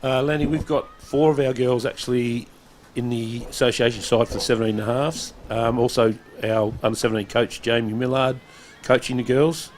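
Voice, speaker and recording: Aussie guy sitting in on footy commentary, mid-pitch voice, chatty, bit of outdoor noise. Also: little pitch movement, normal speed, a little mellow. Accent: Australian. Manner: chatty, hesitant, many fillers. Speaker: guest commentator from a local club. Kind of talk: casual sports commentary. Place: commentary box at an outdoor oval.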